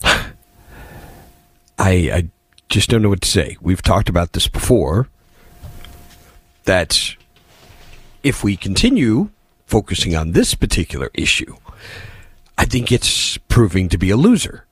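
A man hosts a talk radio show and answers listener texts with sardonic, exasperated remarks. His pitch swings widely as he talks. His voice sounds dry and close, with no room echo. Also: very animated, unhurried, pauses often, slightly rough.

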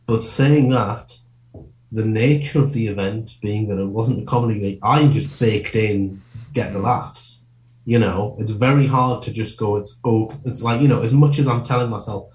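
Fast-rambling comedian in an echoey room. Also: male voice, on the low side, a little mellow. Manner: quick, rambling, self-interrupting with many restarts. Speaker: comedian guest. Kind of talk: casual podcast interview.

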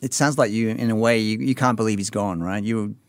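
A man hosting a radio interview, asking measured questions with brief listening replies. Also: fairly low pitch, fairly even intonation, no room sound.

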